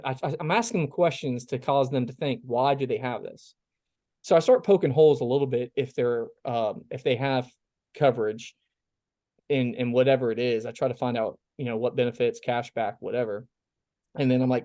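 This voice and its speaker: A man's voice: medium pitch, fairly quick, darkish tone, no room sound, clean studio sound. A man from South Carolina coaching his insurance sales team in a casual, folksy way, acting out his phone lines as he goes.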